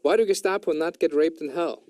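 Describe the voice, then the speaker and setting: A man voicing a deadpan computer sidekick on a comedy show, dropping in robotic beeps as he reads out jokes. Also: on the high side, a little fast, no room sound, close to an everyday voice. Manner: deadpan, says beep beep. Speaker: co-host.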